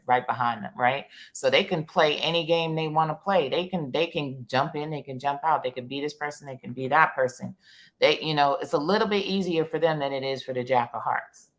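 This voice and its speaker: A woman's voice: deep voice, a bit bright. A woman with a New York accent in casual chat about card reading, rambling and repeating words with lots of "you know". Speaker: panelist.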